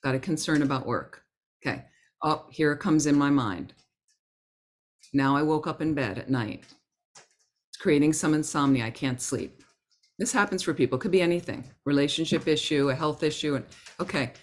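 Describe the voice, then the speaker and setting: A woman teaching a Buddhist class in a gentle, conversational way, acting out her inner thoughts as examples. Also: deep voice, moderate pace, pauses often. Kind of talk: Dharma talk to a class.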